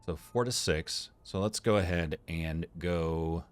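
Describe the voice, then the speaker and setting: A man plays a medical game and comments as he goes, thinking aloud, reading symptoms off the screen, and joking with the characters. His voice sits low and his pace is slow, with faint music in the background.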